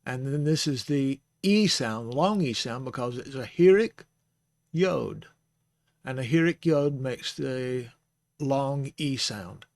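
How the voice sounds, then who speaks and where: A man's voice: medium pitch, animated, takes it slowly, a little mellow, dry recording. A man giving an informal lesson on the Hebrew alphabet, talking patiently, spelling out sounds and correcting himself as he goes. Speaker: Bible Hebrew teacher. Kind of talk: informal teaching. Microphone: close microphone.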